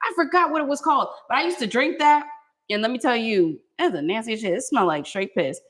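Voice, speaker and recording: A woman's voice: on the high side, animated, fast talker, fairly bright tone. A woman with a Boston accent, co-hosting a live stream and telling stories animatedly, laughing often. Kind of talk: casual chat.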